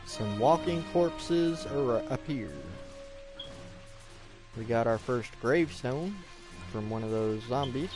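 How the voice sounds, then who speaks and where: A man giving relaxed, low-key commentary while playing a video game. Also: takes it slowly, pauses often, over music. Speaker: gameplay video host. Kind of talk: gameplay commentary.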